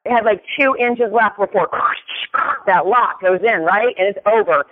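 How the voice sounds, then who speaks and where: Speaking at normal speed in a high voice, this man gives a motivational talk built around a story, delivered emphatically and punctuated by repeated "right?" The sound is tinny, like a phone, with long reverb.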